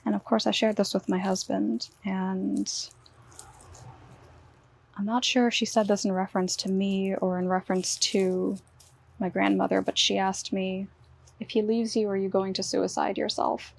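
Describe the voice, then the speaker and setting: Soft, gravelly young woman recounting her story. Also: medium pitch, flat delivery. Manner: quiet, halting and earnest. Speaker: survivor telling her story. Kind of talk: personal testimony interview.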